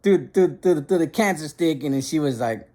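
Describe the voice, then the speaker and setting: A man's voice: a little high, lively intonation, moderate pace, mellow. A young man telling a funny personal story in casual slang, repeating words and restarting sentences as he goes.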